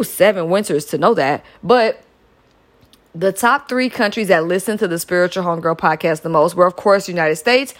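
Chatty woman podcaster. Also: lowish voice. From Metro Atlanta, US South. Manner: chatty and upbeat, with frequent "y'all" and laughs. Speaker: podcast host. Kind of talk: casual solo podcast shout-outs.

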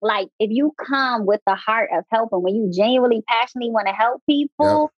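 A woman guest coach chatting casually in an interview, animated and slangy, often laughing. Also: fairly high pitch, fairly quick, dry recording. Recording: dull lo-fi dry sound.

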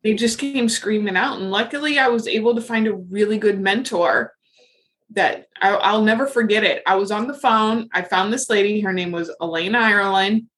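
A woman's voice: medium pitch, normal speed, fairly bright tone. A middle-aged woman talking frankly and casually as a podcast guest, with lots of fillers. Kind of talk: casual interview chat.

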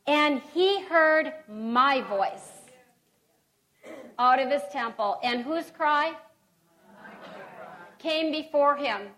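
Middle-aged woman preacher, earnest and exhortative, fairly high voice, slow delivery. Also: fairly bright tone, low-quality recording. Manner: earnest, exhortative, reads scripture aloud with pauses and restarts. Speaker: speaker at a women's gathering. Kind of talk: sermon.

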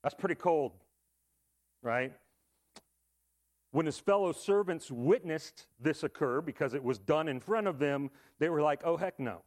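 A young man delivers a sermon in a loose, conversational style. His voice sits a little high for a man, and he keeps checking in with his listeners through quick rhetorical questions. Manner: casual, conversational preaching with asides and rhetorical questions. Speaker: pastor.

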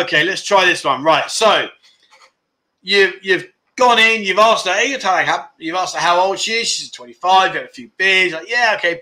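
Bright-voiced joking man hosting. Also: high-pitched. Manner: joking, teasing, reading out viewer comments. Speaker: livestream host. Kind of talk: casual livestream chat.

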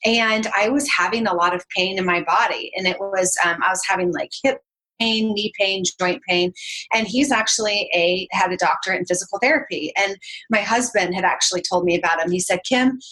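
A woman's voice: mid-range voice, pushed and bright, low-quality recording. A woman speaking as a podcast guest, telling a personal story candidly and openly. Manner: candid and open, fast and chatty.

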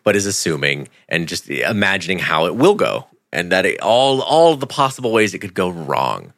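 A man's voice: deep voice, big pitch swings, moderate pace, a bit bright, dry recording, clean studio sound. A man in a casual film discussion, agreeable and chatty, laughing along. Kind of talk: casual film breakdown chat.

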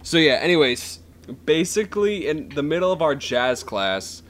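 A man's voice: a little high, big pitch swings, normal speed, a bit bright. A teenage boy co-hosting a podcast, chatting casually, rambling and laughing often. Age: teens. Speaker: podcast co-host. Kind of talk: casual chat.

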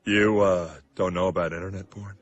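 A man's voice: deep voice, little pitch movement, brisk, muffled recording. A man voicing a jaded, offhand cartoon man in a sitcom clip. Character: jaded grown man joking with friends.

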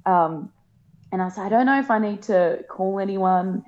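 A woman, telling a personal story in a casual chat, emotional and laughing often, acting out quoted lines in a higher voice. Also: moderate pace, a little mellow. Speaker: guest. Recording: dull lo-fi podcast sound.

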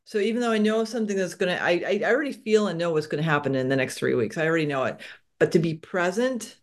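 A woman hosting a spiritual podcast, talking in a reflective, animated way about her own experiences. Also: on the low side, fast talker. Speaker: podcast host. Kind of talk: spiritual interview talk.

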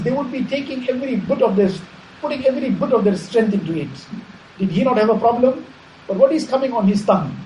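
A man giving a measured Islamic sermon, repeating phrases and explaining Arabic terms. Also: very high-pitched, mellow, slight background noise. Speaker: Islamic preacher. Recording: echoey room, faint ambience.

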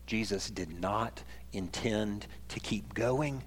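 A man preaching a sermon as pastor, swinging from loud, emphatic passages to quiet ones and raising his voice for scripture readings. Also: medium pitch, expressive, unhurried, a little hiss or hum. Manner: reads scripture aloud in a raised voice.

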